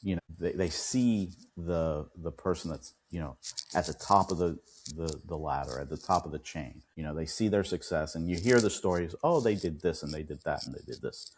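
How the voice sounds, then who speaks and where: A man, an attorney and podcast guest, telling a client story with lively quoted dialogue. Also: sits low, moderate pace. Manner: animated retelling, acts out quoted dialogue. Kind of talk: storytelling in an interview.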